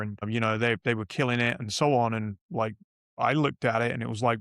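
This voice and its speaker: A man's voice: mid-range voice, fairly quick, a bit bright, dry recording, clean studio sound. A middle-aged British man, a podcast guest, telling business anecdotes in a casual, rambling way with frequent restarts. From United Kingdom. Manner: rambling, self-correcting anecdotes. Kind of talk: casual interview storytelling.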